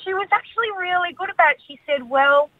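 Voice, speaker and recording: A woman's voice: extremely high pitch, fast talker, dry recording. A woman calling in to a radio show, telling a story in a matter-of-fact way. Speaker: caller. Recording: tinny phone line.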